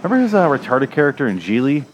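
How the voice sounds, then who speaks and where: A man's voice: medium pitch, sing-song, very fast, muffled recording, soft background music. A man giving rambling, crude, sarcastic commentary while watching a movie. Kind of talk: casual profane movie commentary. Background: movie audio playing.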